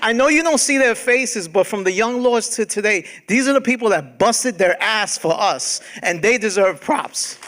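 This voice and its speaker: A man speaking on a panel, telling stories in a slangy, animated way. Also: high-pitched, normal speed, few pauses. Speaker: panelist, documentary director. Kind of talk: casual panel talk. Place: event hall with audience.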